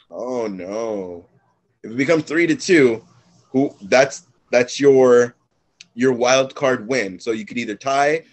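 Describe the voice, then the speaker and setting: A man hosting a casual podcast, running a party game among friends with a bossy, profane, joking manner. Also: mid-range voice. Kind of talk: casual chat.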